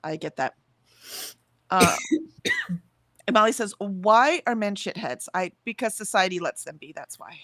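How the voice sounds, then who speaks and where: A woman's voice: fairly low pitch, animated, measured pace, long pauses, a bit bright. A woman co-hosting a casual livestream, chatting emphatically, laughing easily, and reading out viewer comments. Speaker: livestream co-host.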